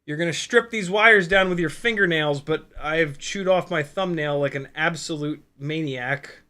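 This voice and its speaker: A fairly high, bright-voiced man chats through a hobby livestream. He gets excited and curses casually, breaking off and restarting sentences as he works at his bench. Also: moderate pace. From United States. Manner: excitable, profane, rambling with restarts. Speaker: FPV drone livestream host. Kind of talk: casual hobby livestream, hands-on soldering demo.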